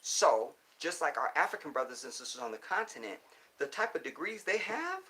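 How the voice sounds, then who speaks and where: A man's voice: on the high side, sing-song, a little fast, pushed and bright. A man hosting a casual livestream, reading viewer comments and answering them in a profane, emphatic and preachy way, often checking in with the listener. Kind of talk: casual live chat.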